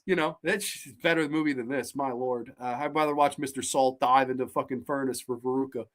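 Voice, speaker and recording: A woman hosting a casual film review show, ranting in a profane, sarcastic, animated way. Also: deep voice, normal speed, hardly any pauses. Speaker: host.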